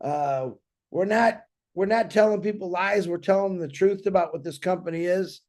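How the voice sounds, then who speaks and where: A man's voice: high-pitched, moderate pace, a little mellow. A man hosting a community show, talking earnestly and casually, rambling and repeating himself. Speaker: show host. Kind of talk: casual motivational talk to a community.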